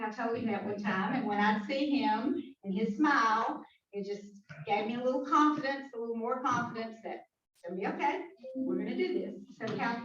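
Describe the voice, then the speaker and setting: A woman with a Southern US accent, a club president giving a chatty, grateful speech at a meeting. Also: a little high. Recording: echoey hall from far off, dull sound.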